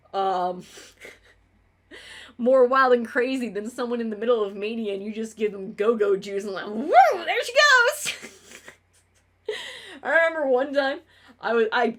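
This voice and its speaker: A young woman streams casual talk in a mid-pitched voice. She swears freely and rambles from one tangent to the next. She keeps tripping and restarting on her words, as a clutterer does. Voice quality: clutterer who trips over words. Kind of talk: casual livestream monologue.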